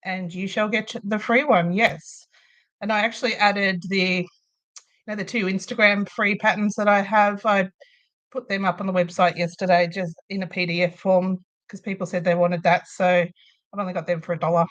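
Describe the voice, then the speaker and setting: A woman's voice: medium pitch, steady tone, normal speed. An Australian woman hosting a crochet livestream from a room at home, chatting casually and rambling, with frequent laughs. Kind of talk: casual chat while crocheting.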